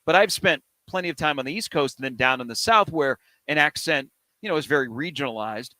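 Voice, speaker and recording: A man's voice: on the high side, brisk, bright, forceful tone, dry recording. A man with a Midwestern accent hosting a sports radio show, chatting casually and playfully telling stories. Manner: chatty, jokey, playful storyteller.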